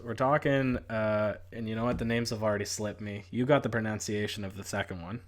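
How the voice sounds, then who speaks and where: Low-ish guy cohosting a podcast, jokey and loose, cracks himself up. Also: steady tone. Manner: playful, laughs often, quick asides. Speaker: podcast co-host. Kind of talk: casual sports podcast chat.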